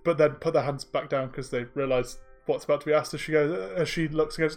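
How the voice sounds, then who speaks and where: A male game master narrating a tabletop game. His voice is a little high for a man, and his delivery is relaxed and playful. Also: fast talker, few pauses, soft background music.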